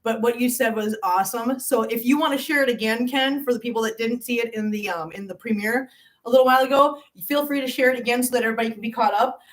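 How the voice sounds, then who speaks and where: A woman's voice: on the high side, fast, far from the mic. A woman hosting a casual livestream chat, greeting viewers by name and calling them pet names like hon and sweetie. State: out of breath. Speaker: channel host.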